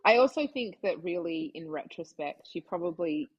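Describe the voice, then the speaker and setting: An Australian woman talking as a guest on a casual podcast. Her voice is low for a woman and husky, with a breathy edge. She rambles in a chatty way and fills her talk with asides. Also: expressive, normal speed, dull audio. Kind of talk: casual chat.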